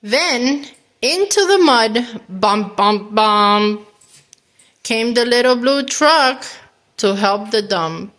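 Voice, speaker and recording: Slow, gentle woman reading to kids. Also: fairly high pitch. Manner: gentle, animated reading with animal sounds. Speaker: children's storyteller. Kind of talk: children's picture book read-aloud.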